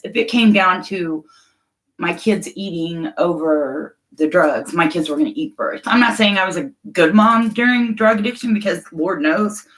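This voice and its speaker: A middle-aged woman speaks casually into her phone or webcam on a livestream, answering viewers. Her voice sits a little low, and she is frank, outspoken and openly emotional, often laughing between thoughts. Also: fairly bright tone, low-quality recording. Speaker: livestream host chatting with viewers.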